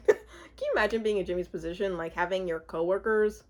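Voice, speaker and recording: A woman who vlogs TV recaps gives a casual, chatty rundown of a reality show, laughing often. She's giggly and expressive, with a medium-pitched voice at a slightly fast pace.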